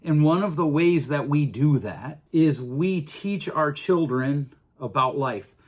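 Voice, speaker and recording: Middle-aged guy hosting his podcast, earnest, stumbles and restarts a lot, voice a bit on the high side. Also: animated, takes it slowly. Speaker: podcast host. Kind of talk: casual monologue.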